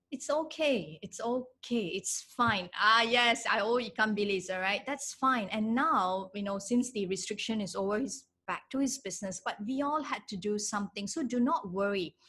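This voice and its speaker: A middle-aged woman leads a live online class. Her voice sits a little high, and she talks in an animated, emphatic way, driving points home by saying them twice. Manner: animated, emphatic, repeats key phrases. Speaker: online presence trainer. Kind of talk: live webinar teaching.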